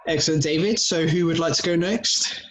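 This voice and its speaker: A man hosting a poetry show, relaxed and a bit hesitant, speaking over an online call. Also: fairly high pitch, a little hiss or hum, poor audio. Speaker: host. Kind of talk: casual chat.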